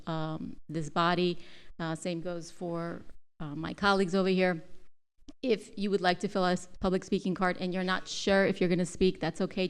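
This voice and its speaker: A woman presides over a city commission meeting, speaking into a dais microphone in the chamber. Her voice is lowish, smooth and flat in tone, and her manner is friendly and chatty. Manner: friendly, chatty, with fillers and restarts. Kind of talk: casual but official meeting chairing.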